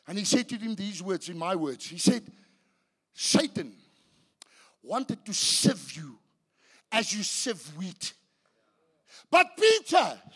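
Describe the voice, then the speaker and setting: A man preaching a sermon as pastor, swinging between hushed and shouted passages, often restarting his sentences. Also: very high-pitched. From South Africa. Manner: restarts and repeats words mid-sentence. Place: church.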